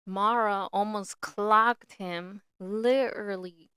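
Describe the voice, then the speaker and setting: A woman hosts her own podcast in an easy, speculative chat, often leaning on "like" as she goes. Her voice is very clear and crisp, and she takes her time. The sound is close and dry. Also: medium pitch, fairly even intonation, slow pace, bright, forceful tone, no room sound. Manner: chatty, speculative, uses filler "like". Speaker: podcast host. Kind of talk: casual solo commentary.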